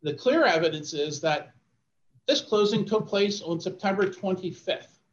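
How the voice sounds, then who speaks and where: A man, an attorney, giving a formal oral argument in court, measured and often restarting his phrases. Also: sits high, lively intonation, reverberant, muffled recording. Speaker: attorney arguing an appeal.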